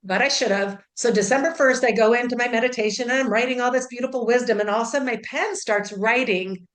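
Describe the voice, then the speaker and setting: A woman's voice: on the high side, fast. A woman, an intuitive healer who is a guest, telling a personal story in a casual, chatty way, full of "like" and "you know", and acting out the dialogue. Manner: acts out dialogue in her story.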